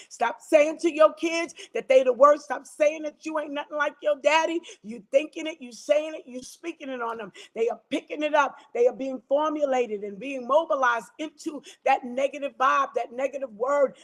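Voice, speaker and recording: A woman pastor, preaching and praying in rhythmic, repeated declarations. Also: high voice. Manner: exhorting, repetitive, rhythmic declarations. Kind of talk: preaching talk and prayer.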